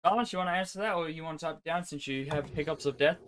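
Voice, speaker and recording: A man hosts a loose online Q&A in a voice chat, swearing freely and joking as he reads out questions. His voice is bright and forward, with a faint hiss of noise under it. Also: on the high side, very fast. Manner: crude, swears a lot, jokey. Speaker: host reading questions. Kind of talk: casual voice chat.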